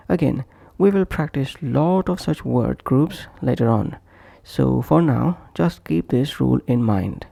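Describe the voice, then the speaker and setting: Slow deliberate guy teaching pronunciation, dark gravelly voice, repeats every example. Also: medium pitch, lively intonation, no echo. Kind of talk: slow scripted pronunciation lesson.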